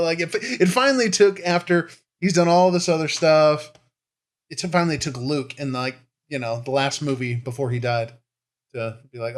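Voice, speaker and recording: A man's voice: on the high side, normal speed. A man co-hosting a podcast in casual chat, self-deprecating and laughing as he talks. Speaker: podcast co-host.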